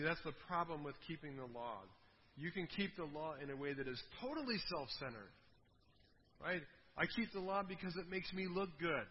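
A man's voice: on the high side, big-room sound, highs cut off, a little hiss or hum. A man preaching a sermon in a conversational way, often asking his listeners rhetorical questions. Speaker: pastor.

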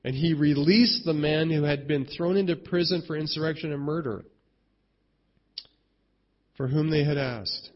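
A man's voice: on the high side, normal speed, long pauses, muffled recording. A man preaching a sermon in a conversational way, often asking "right?" and restarting his sentences. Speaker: pastor.

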